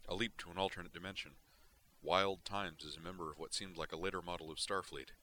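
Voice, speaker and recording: A man narrating a story in a steady, expressive reading style. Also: sits low, quick pace, slight background noise. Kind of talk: audiobook reading of fan fiction.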